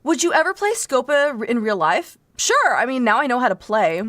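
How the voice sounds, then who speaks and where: Playful streamer woman, giggly and chatty, lively up-and-down pitch, dry close mic. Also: a little fast, no room sound. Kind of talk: casual gameplay commentary.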